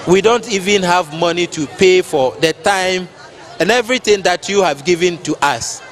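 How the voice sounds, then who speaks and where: A man's voice: high-pitched, normal speed, soft background music, some chatter behind. A man giving an emotional outdoor festival speech, repeating his thanks to sponsors on behalf of the town.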